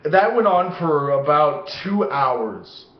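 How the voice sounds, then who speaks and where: A young man with a fairly high, very lively voice, telling rambling stories about his life and swearing constantly. He acts out the voices as he goes. The recording is dull and lo-fi, made in an echoey room. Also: slow pace. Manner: heavy swearing, animated acting-out of voices. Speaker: vlogger. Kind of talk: rambling personal storytelling.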